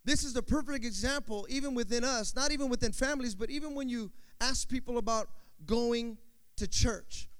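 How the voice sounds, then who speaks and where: A man preaching a sermon, calling out to the congregation for amens and swinging between loud and soft passages. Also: very high-pitched, moderate pace, smooth. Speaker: pastor. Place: church sanctuary. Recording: long hall reverb.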